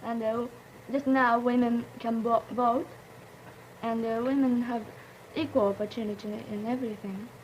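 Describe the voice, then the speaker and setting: A young woman from Japan with a Japanese accent, speaking halting English and searching for words on a 1950s radio panel. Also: on the high side, fairly even intonation, darkish tone, slight background noise. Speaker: student delegate on a panel. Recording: dull vintage broadcast audio.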